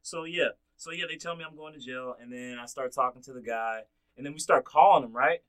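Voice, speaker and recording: Animated, bright-voiced man telling a story. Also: medium pitch, fairly quick, rough recording. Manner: animated storyteller, swears freely. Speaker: podcast host. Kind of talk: casual podcast chat.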